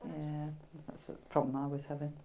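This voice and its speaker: A woman's voice: low-pitched, flat delivery, moderate pace, warm tone. A woman chatting and joking during a ghost hunt inside an old jail, laughing easily. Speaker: paranormal investigator.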